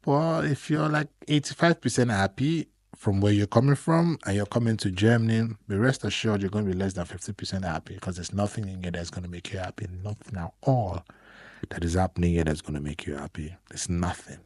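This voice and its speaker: A man's voice: lowish voice, fairly quick, dry recording. A young man, complaining in a casual vlog monologue. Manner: complaining, animated storytelling. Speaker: vlogger.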